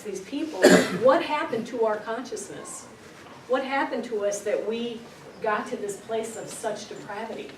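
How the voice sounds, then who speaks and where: A middle-aged woman giving an earnest, storytelling spiritual talk to a group, repeating words for emphasis. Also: mid-range voice. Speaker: spiritual speaker. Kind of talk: informal spiritual teaching to a group. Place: meeting room. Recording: echoey room, distant mic, noisy.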